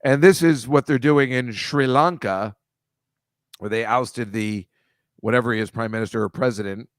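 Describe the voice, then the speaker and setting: A man hosts a loose chat over a video call, talking through slides in a rambling, wry way. He mocks what he shows and swears freely. His voice is mid-pitched and the sound is dry, with no room echo. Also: moderate pace. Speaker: host.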